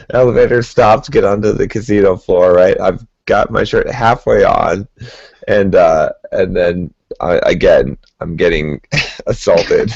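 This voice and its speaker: A man's voice: low-pitched, takes it slowly, vocal fry, long pauses, darkish tone, slightly rough, no room sound. A man co-hosting a podcast, telling a rambling story in casual chat and laughing as he goes. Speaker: podcast co-host. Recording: dull lo-fi podcast audio.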